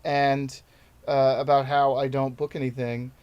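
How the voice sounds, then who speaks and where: A man's voice: mid-range voice, level tone, a little slow, darkish tone, clear, resonant tone, lo-fi sound. A man in his thirties, a stand-up comedian guest telling his story in a rambling, self-deprecating way in casual podcast chat.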